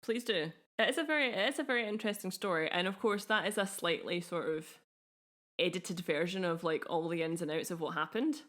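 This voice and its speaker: A young Scottish woman co-hosts a podcast, chatting casually in an easy, enthusiastic way and laughing often. Her voice is fairly low-pitched and fairly bright, and she talks a little fast.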